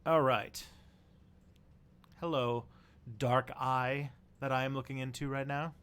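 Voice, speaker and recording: A man's voice: mid-range voice, steady tone, takes it slowly, fairly bright tone, clean tone. A man hosting a casual live stream, chatting in a rambling, easygoing way to his viewers. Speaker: livestream host.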